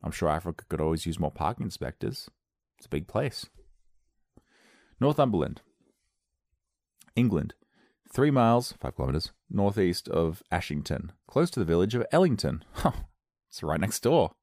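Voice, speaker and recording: A man's voice: low voice, very animated, normal speed, pauses often, a little mellow, no echo, clean studio sound. A man hosting a solo comedy show, riffing sarcastically and playfully in a rambling monologue.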